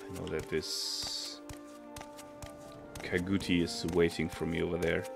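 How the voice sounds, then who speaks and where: Man, gaming commentary, very low gravelly voice, game music underneath. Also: monotone, unhurried. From Germany. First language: German. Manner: thinking aloud, self-correcting. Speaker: let's play streamer. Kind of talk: casual gameplay commentary.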